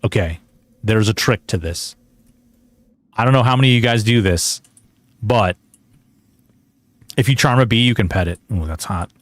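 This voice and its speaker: A man's voice: fairly low pitch, moderate pace, pauses often, no room sound. A man streaming a game, chatting casually in a rambling, joking way and slipping into mock outrage. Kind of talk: casual gameplay commentary.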